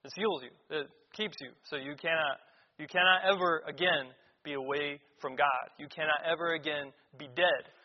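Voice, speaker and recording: A man's voice: fairly high pitch, normal speed, big-room sound, highs cut off, slight background noise. A man preaching a sermon in a church, reading scripture aloud and explaining it with emphatic repetition.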